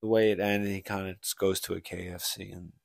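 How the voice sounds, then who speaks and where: Low-voiced man rambling through a plot. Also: flat delivery, fairly quick, gravelly, no room sound, studio quality. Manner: rambling retelling full of "like" and restarts. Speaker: podcast co-host. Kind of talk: casual book chat.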